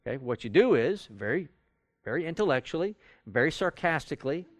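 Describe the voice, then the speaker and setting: A man's voice: on the high side, sing-song, brisk, no room sound. A man teaching a Bible study class in a conversational way, acting out quoted arguments as he goes. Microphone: recorded for audio with a live class.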